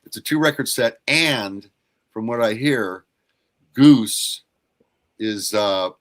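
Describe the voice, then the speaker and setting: A man's voice: fairly low pitch, slow pace. An older man talking casually about records on a livestream, blunt and given to swearing. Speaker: record collector co-host.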